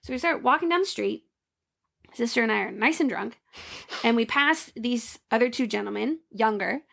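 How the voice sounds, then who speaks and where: High-pitched young woman, podcast cohost, chatty, storytelling with lots of ums. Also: normal speed, vocal fry, fairly bright tone. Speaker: podcast co-host. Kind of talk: casual chat, storytelling.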